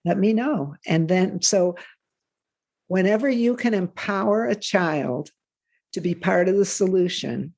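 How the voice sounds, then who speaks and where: A woman's voice: lowish voice, measured pace, creaky, darkish tone. A woman interview guest who founded a parenting program, giving earnest, emphatic advice. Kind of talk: conversational interview.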